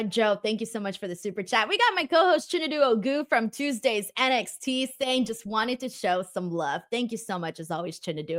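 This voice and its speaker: A woman's voice: mid-range voice, a bit bright. A woman hosting a casual wrestling review show, reading viewer messages and laughing often. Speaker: host.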